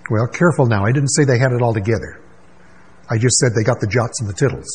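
A man preaching a sermon as pastor, emphatic, with rhetorical questions and quick asides. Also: mid-range voice, darkish tone, breathy edge, low-quality recording.

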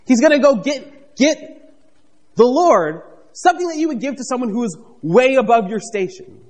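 A man preaching a conversational, animated sermon, reading scripture and acting out the characters with playful asides. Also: extremely high pitch, normal speed, in a large hall. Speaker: pastor.

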